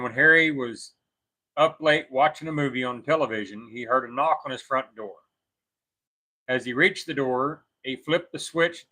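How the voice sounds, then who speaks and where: A man's voice: mid-range voice, bright, forceful tone, low-quality recording. A man co-hosting a show, reading a scary story aloud and now and then correcting his own slips.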